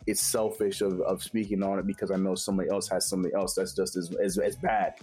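A man's voice: low voice, little pitch movement, dark tone, breathy edge. A man in a casual chat, speaking openly and reflectively about himself. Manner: open, self-reflective, quotes others in quick bursts. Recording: faint music behind.

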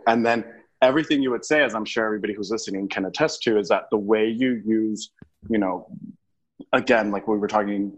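A man who is a guest on a podcast, telling his story in an expressive, earnest and rambling way. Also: lowish voice, breathy edge, low-quality recording. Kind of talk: casual interview conversation.

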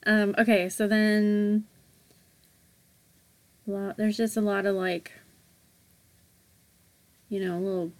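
Woman, podcast co-host, casual chat, playful, rambling, mid pitch. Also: little pitch movement, slow pace, long pauses. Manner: chatty, many fillers, playful.

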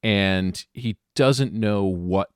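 A man playing in a tabletop horror game, thinking aloud about his character with many pauses and ums. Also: fairly low pitch, smooth, dry recording, studio quality. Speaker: player.

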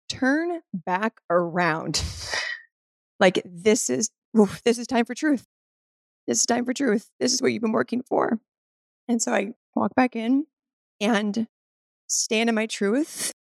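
A woman shares a personal spiritual story as a podcast guest, earnest and peppered with "like". Her voice carries a gravelly, creaky edge, and the sound is dry with no room around it. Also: on the high side, no echo. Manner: earnest, spiritual, filler-heavy with frequent "like".

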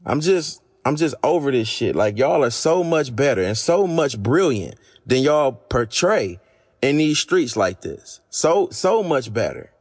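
A podcast host with a hoarse, fading voice, delivering a blunt, profane, exasperated monologue. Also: male voice, mid-range voice, big pitch swings, unhurried. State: losing his voice.

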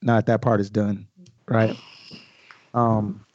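A man's voice: on the low side, level tone, slow pace, a little mellow, no echo. Man, rapper guest, casual podcast chat, slangy and loose, dry muffled sound. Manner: loose and chatty, full of slang and swearing. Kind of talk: casual podcast chat explaining his lyrics.

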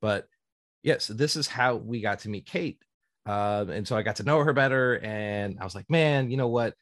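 Low-voiced rambling male podcast host. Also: normal speed, a bit bright, no room sound. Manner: rambling and enthusiastic, wanders off on tangents. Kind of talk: casual chat.

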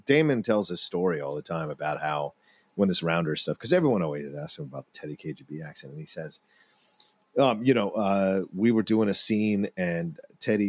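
A man co-hosting a film podcast, telling stories in a loose, animated chat. His pitch swings widely, and the recording is close and dry with no room sound. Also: brisk, dry recording. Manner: animated, rambling retelling of anecdotes. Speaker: podcast co-host. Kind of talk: casual movie-review chat.

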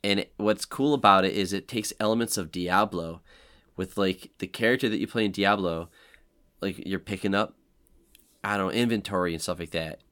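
A man's voice: deep voice, moderate pace, a bit bright. A man co-hosting a podcast, chatting casually about games with many fillers and restarts. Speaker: podcast co-host. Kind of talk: casual chat.

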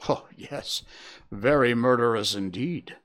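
A man's voice: mid-range voice, slow, fairly bright tone. A man voicing a shaken, wounded young engineer in a storybook reading, talking in agitated, breathless bursts. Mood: weary.

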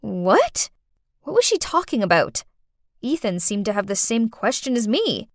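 Eine Frau erzählt mit lebhafter, auf und ab springender Stimme eine dramatische Ich-Geschichte für einen Podcast. Ihre eher hohe Stimme klingt trocken und nah am Mikrofon. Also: female voice, a little high, a little slow, dry recording, studio quality. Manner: expressive, dramatic storytelling. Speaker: narrator. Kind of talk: first-person storytelling podcast.

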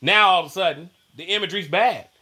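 Bright-voiced animated man chatting. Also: high-pitched, fast, breathy edge. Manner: animated, acts out quoted voices, laughs often. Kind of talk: casual chat.

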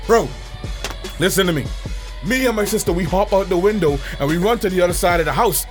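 A man telling a wild childhood story in a slangy, excitable way, shouting at the big moments. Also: sits high, a little fast, faint music behind. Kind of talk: animated casual storytelling.

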